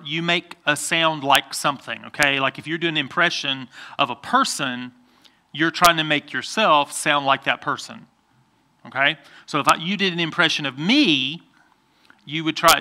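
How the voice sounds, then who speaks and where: A man's voice: on the high side, pushed and bright. A man pastor giving a playful children's sermon, coaxing the kids by name to join in.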